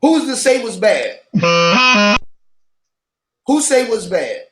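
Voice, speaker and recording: A man talking casually on a panel, always hyped up and loud in how he speaks. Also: very high voice, big pitch swings, takes it slowly, roomy sound, loud music behind the voice. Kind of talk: casual chat.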